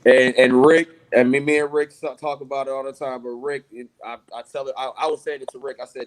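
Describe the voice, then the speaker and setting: Excitable stammering man. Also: mid-range voice, brisk, hardly any pauses, a little hiss or hum, low-quality recording. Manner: excitable, repeats himself, stammers. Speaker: podcast co-host. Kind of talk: casual chat.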